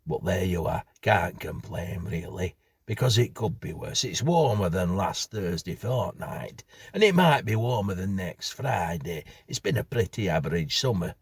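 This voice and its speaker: Man doing a cheerful yorkshire grocer, middle-aged, small-talk patter, husky, dry. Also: low voice, animated, normal speed, no echo, heavily acted. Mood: chatty.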